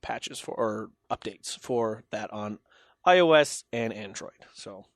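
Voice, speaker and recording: A man hosting a casual tech podcast, relaxed as he steers the talk from one story to the next. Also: fairly low pitch, slow pace, dry recording, clean studio sound. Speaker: podcast host leading segments.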